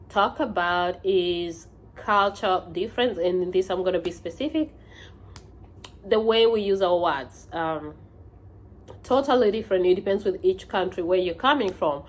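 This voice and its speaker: A woman from Kenya with a Kenyan accent, giving casual advice in a vlog, talking conversationally with many fillers and restarts. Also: medium pitch.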